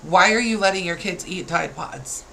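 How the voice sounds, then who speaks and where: A woman's voice: lowish voice, normal speed, creaky, a bit bright, slight background noise, low-quality recording. A woman in her thirties, a parent, ranting to camera with exasperated, scolding rhetorical questions. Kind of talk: heated rant to camera.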